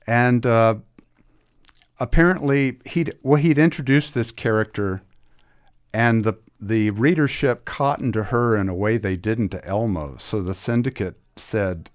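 In casual interview talk, a middle-aged man with a mid-range voice speaks unhurriedly and enthusiastically about restoring old comics, restarting his sentences many times.

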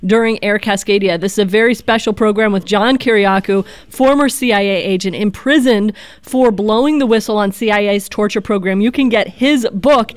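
A woman announcer reading a radio fundraising pitch in a brisk, steady way. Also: no echo. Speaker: pledge drive announcer.

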